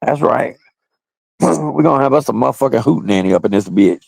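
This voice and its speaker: A man with a heavily gravelly, fry-laden voice talks to his livestream viewers in a loose, crude, rambling way. His pitch swings around a lot as he goes, and the sound is dry and close, with no room around it. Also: lively intonation, fairly quick, darkish tone, no room sound. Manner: crude, loose and rambling, often breaking into laughs. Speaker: livestream host. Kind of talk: casual live-stream chat with viewers.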